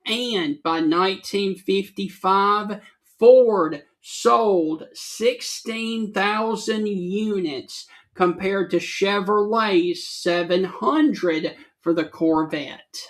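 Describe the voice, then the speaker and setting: A man's voice: high voice, extremely slow. A man co-hosting a casual talk show, reading trivia and giving terse, matter-of-fact answers. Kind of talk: casual chat.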